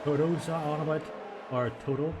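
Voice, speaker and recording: A man's voice: a little high, steady tone, normal speed, a little mellow, slight background noise. An older man doing casual, self-deprecating banter while commentating a sim race.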